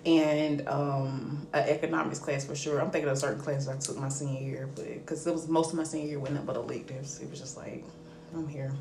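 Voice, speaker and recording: A young woman podcast co-host, telling an animated, profane story in casual chat and laughing often. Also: deep voice, a little fast, gravelly, hardly any pauses. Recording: echoey room with faint ambient noise.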